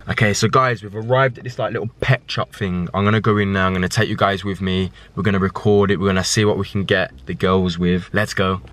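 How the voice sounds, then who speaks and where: A young man with a slight lisp, chatting excitedly to camera as a prank vlogger and pleading with viewers. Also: mid-range voice. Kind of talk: casual vlog talk to camera.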